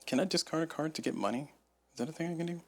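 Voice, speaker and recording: A man's voice: on the high side, racing, soft background music. A man streaming a solo board game playthrough, thinking aloud and muttering to himself on a lapel mic. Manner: thinking aloud, muttering, self-deprecating asides. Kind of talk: casual solo playthrough commentary. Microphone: lapel mic on shirt.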